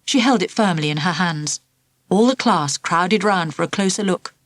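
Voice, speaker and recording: A woman narrating a children's storybook in an expressive, lively storytelling manner. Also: on the low side, normal speed, no room sound. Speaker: audiobook narrator.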